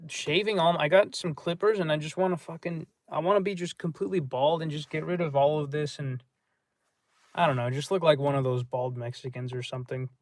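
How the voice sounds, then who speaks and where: A man's voice: fairly high pitch, steady tone, brisk, dry recording. Gloomy, cursing man on a livestream. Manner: gloomy, profane, rambling. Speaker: livestream host. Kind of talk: casual livestream chat.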